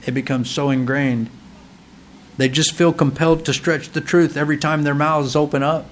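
A man's voice: fairly high pitch, fairly even intonation, normal speed, slight background noise. A male pastor preaching a sermon, asking rhetorical questions, building to emphatic peaks and acting out quoted voices. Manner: acts out children and parents in quoted voices.

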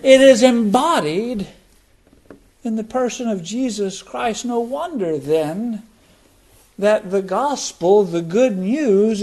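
A middle-aged man preaching a sermon, slow and deliberate, letting key words drop low for emphasis. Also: a little mellow. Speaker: pastor.

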